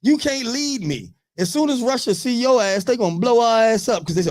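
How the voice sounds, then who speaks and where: A man in his thirties on a radio talk show, telling profane, animated stories in casual chat. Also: very high-pitched, brisk.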